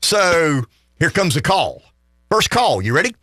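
A man with a Southern US accent, co-hosting a radio show and telling stories in a casual, animated way, chuckling often. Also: on the high side, unhurried, no echo, studio quality. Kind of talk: casual radio talk, storytelling.

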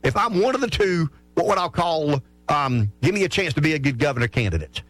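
A man giving talk-radio political analysis, animated and often repeating words as he restarts. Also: on the high side, a little fast, no echo, soft background music. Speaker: political commentator.

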